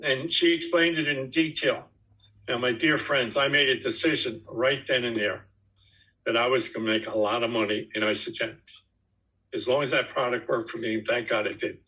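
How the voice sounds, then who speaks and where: A man's voice: medium pitch, fairly even intonation, moderate pace, sharp tone, low-quality recording. A man in his nineties tells his own story to his team in an emphatic, folksy way. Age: 90s. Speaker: network marketing top earner speaking to his team. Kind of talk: storytelling answer to a question.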